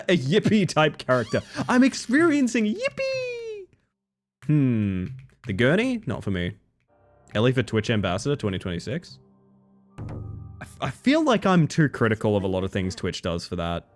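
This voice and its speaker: Animated streamer man chatting with his viewers. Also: normal speed, soft background music. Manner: animated, swings into high squeals and laughs; chatty, thanks viewers warmly. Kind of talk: casual live-stream chat.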